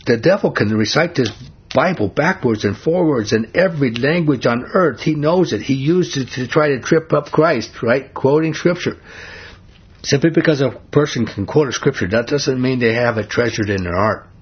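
A man's voice: medium pitch, animated, moderate pace, slightly rough, muffled recording. A man preaching an informal sermon in a conversational way, asking his listeners questions. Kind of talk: informal sermon, Bible study.

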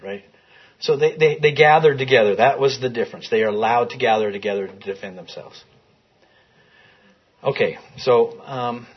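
Husky guy teaching bible class in a classroom, casual, asks the group stuff, muffled lo-fi audio. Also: medium pitch. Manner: conversational, asks the class questions. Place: classroom with a screen.

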